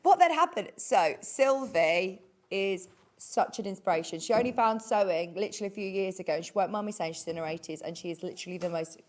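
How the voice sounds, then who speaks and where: A woman's voice: medium pitch, expressive, a little fast, a little mellow. A woman presenting a live shopping show, chatty and gushing as she reads out viewer messages. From England. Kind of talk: live sales chat. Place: TV studio.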